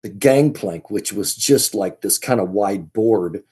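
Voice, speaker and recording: A man as a podcast guest, telling a story in a casual, halting way, often restarting and repeating his words. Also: fairly low pitch, lively intonation, mellow, slightly rough.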